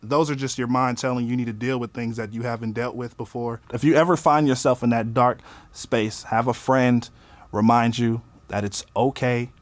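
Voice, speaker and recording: A man casually telling a personal story in an animated way, swearing often and acting out what he said at the time. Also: mid-range voice, normal speed, no echo. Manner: animated, swearing, acts out his own quotes. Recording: faint music underneath.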